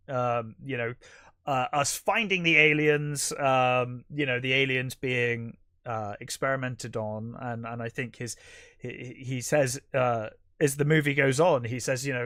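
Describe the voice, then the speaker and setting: A man's voice: mid-range voice, fairly bright tone, dry recording, clean studio sound. A man co-hosting a podcast, recapping a film plot in casual chat, rambling with many fillers and restarts. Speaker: podcast co-host.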